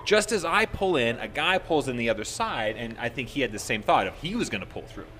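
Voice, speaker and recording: A man co-hosting a podcast, telling a story in casual chat, animated and swearing freely as he acts out what others said. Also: mid-range voice, brisk. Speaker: podcast co-host.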